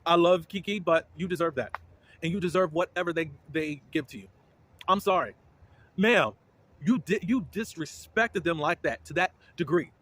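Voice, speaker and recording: A man's voice: fairly high pitch, a bit bright. A man giving a casual, opinionated recap of a reality TV episode, laughing often and acting out the cast's lines.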